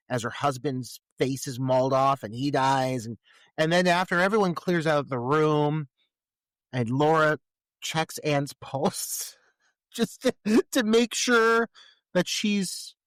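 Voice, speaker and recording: A man's voice: fairly high pitch, no echo. A man co-hosting a podcast, recapping a film in casual chat with lots of swearing and laughter. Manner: animated, profane, laughing recaps. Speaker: podcast co-host.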